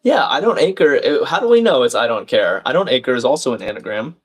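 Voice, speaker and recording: A man's voice: mid-range voice, sing-song, fast talker. A man hosting a live crossword stream, thinking aloud, reading out viewers' chat comments and laughing often.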